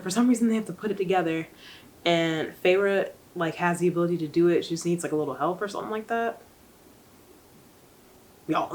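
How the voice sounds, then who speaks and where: A young woman with a lowish voice is heard on poor audio. As a book vlogger, she rambles through a casual recap in a chatty way, with many fillers and asides.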